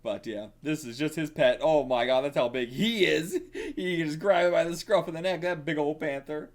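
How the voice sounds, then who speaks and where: Excitable man thinking aloud. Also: fairly high pitch, normal speed. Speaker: manga reaction host. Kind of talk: casual reaction commentary.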